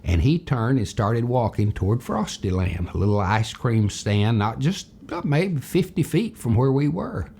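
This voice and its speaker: An older man from Tennessee, husky voice, telling a childhood story as a character lesson in a folksy, animated way. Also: mid-range voice, measured pace, few pauses, a little hiss or hum. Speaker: storyteller teacher.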